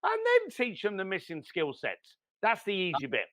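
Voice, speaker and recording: A man giving blunt, animated business advice as a podcast guest, swearing now and then. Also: sits high, moderate pace. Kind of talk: motivational business talk.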